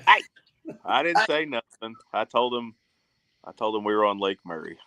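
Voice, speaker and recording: A man's voice: on the low side, sing-song, normal speed, sharp tone, no room sound, rough recording. A man hosting a live fishing stream, trading profane, joking banter with guests. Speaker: stream host. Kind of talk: casual stream chat.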